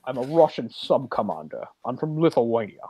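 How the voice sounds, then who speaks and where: A man putting on a gruff Scottish submarine captain with a Scottish accent, giving blustery mock orders. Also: mid-range voice, sing-song, moderate pace, mellow, a little hiss or hum.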